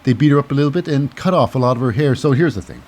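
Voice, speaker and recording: A man's voice: medium pitch, expressive, very fast, a little mellow. A man hosting a casual wrestling recap, rambling and cynical and full of fillers. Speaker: host.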